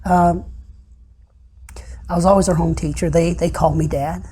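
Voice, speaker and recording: A middle-aged man giving a personal testimony in an interview, retelling events haltingly with many pauses and often dropping soft and low. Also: steady tone, slight background noise. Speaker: interview guest.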